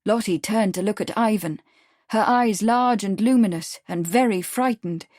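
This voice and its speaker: A woman reads an audiobook in a steady, even storytelling style, delivering scripted narration. Her voice sits in the mid-range at a moderate pace, and the studio recording is clean with no room sound.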